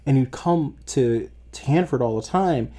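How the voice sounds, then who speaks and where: A man's voice: mid-range voice, lively intonation, measured pace, warm tone. A young man co-hosting a podcast, chatting casually and profanely, saying "dude" a lot. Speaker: podcast co-host. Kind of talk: casual chat.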